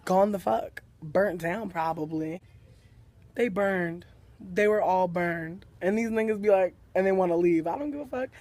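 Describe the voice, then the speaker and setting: A high-pitched man lets loose about his customers in a sassy, profane rant. He acts out the people he serves with mock quotes and keeps the talk loose and animated, like a hat shop worker venting on his break. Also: measured pace. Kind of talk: casual rant to camera.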